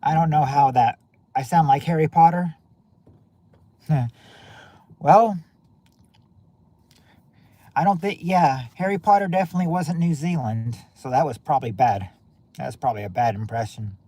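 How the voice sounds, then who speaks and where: A man's voice: on the high side, normal speed, long pauses, dark tone, no echo. A man hosting a casual game-night stream, chatting loosely with viewers and often restarting his sentences. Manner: rambling, many restarts and fillers.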